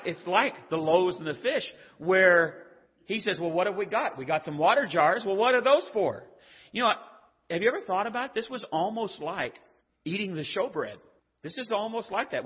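A man's voice: fairly high pitch, breathy edge. An older man preaching a sermon in a conversational, joking way, acting out the voices in the stories he tells. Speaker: pastor. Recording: dull lo-fi audio with long hall reverb.

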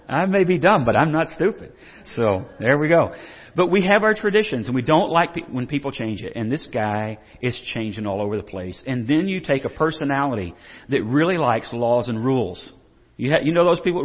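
A man's voice: medium pitch, lively intonation, normal speed, husky. Middle-aged guy preaching a funny sermon, lots of restarts, long church echo. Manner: joking, storytelling, frequent restarts. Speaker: pastor. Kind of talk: humorous sermon. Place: church sanctuary. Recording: dull lo-fi recording with long hall reverb.

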